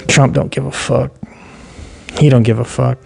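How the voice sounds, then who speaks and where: A man hosting an online show, delivering a heated, profane, shouting solo rant. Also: medium pitch, flat delivery, normal speed, gravelly, husky.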